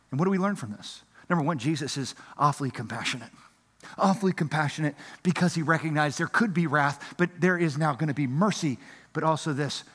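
High voiced pastor guy preaching hard, lots of rhetorical questions, big echoey church. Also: a bit bright. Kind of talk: sermon.

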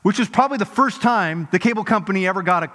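A middle-aged male pastor preaching a sermon, swinging from lively emphasis to hushed intensity. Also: high-pitched, rapid-fire. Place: large church hall. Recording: reverberant church hall.

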